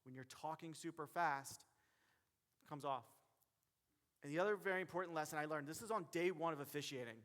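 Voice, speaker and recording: A man giving a motivational keynote as a referee, speaking directly to the audience in a lively way. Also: fairly high pitch, a little fast, long pauses. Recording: long hall reverb.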